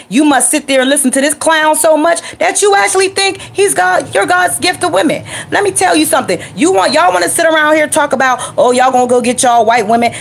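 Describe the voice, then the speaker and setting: High-voiced woman vlogger, sassy and scolding. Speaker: video blogger. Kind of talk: reaction commentary.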